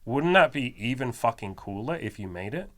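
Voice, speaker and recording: A man's voice: medium pitch, expressive, moderate pace, a bit bright. A man who is a self-improvement coach and podcast host, talking in a blunt, emphatic, profanity-laden motivational style.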